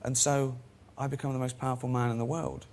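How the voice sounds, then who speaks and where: A man's voice: mid-range voice, flat delivery, fairly quick, a little mellow. Man telling self-mocking anecdotes. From England. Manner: self-deprecating, acts out quoted voices, laughs at own stories. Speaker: guest comedian and director. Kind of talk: chat show anecdotes.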